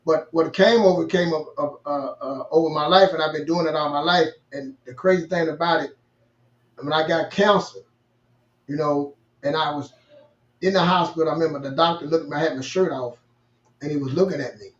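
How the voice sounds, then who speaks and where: A man's voice: a little high, a little fast. A man, an earnest co-host talking casually and repeating himself as he goes. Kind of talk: casual conversational talk. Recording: distant, roomy, dull remote audio.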